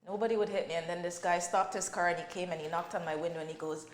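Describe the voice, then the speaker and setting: Brief: woman podcast guest, low-pitched, emotional personal storytelling, roomy echo. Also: steady tone, fast. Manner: emotional, quotes others' words.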